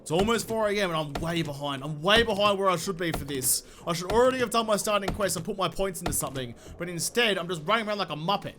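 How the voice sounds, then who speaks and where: Guy playing a survival game, kinda sick voice, highish pitch, cursing at zombies, game noise loud behind him. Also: quick pace, few pauses. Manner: excitable, sweary, talks to enemies. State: a little sick, voice slightly off. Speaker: gaming YouTuber. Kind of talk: let's play commentary.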